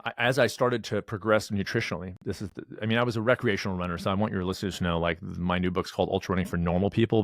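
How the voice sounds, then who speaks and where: Fast-talking gravelly middle-aged man. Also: low voice, no echo. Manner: rambling storyteller, acts out dialogue, many restarts. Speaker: wellness director and race director. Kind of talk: casual interview talk.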